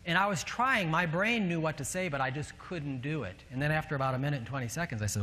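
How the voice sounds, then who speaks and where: Pastor with a northern US accent, preaching. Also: male voice, a little high, expressive, fast talker, few pauses, bright, forceful tone. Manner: storytelling with light self-mocking humor. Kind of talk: sermon. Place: church sanctuary. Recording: long reverb of a large church hall.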